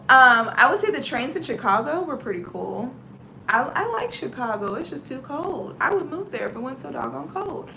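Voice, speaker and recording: Southern woman hosting a livestream, high and bright, animated storyteller with big exclamations. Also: normal speed, vocal fry, slight background noise. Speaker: livestream host. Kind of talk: casual chat, reading viewer comments.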